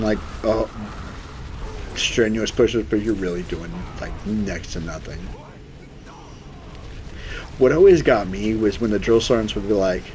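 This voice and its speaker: A man's voice: lowish voice, darkish tone, a little hiss or hum. A young man streaming a game, rambling through loose, profane stories in casual chat. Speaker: gaming streamer. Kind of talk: casual storytelling chat while gaming.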